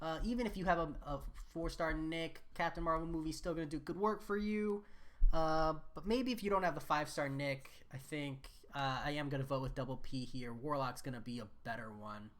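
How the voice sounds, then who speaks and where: A woman's voice: low-pitched, fairly quick. A young woman streaming a mobile game, chatting casually, laughing often and reading chat aloud.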